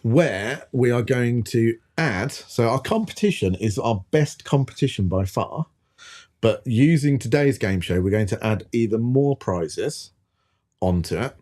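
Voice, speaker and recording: A man's voice: medium pitch, lively intonation, a little slow, darkish tone. A man co-hosting a live stream in a casual, joking, self-mocking manner. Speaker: co-host.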